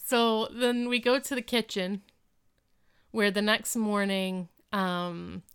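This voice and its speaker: Clear-voiced woman recapping chattily. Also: mid-range voice, slow pace, no echo. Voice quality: very clear and crisp. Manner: rambling and animated, full of filler words. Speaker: podcast co-host. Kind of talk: casual chat recapping a TV episode.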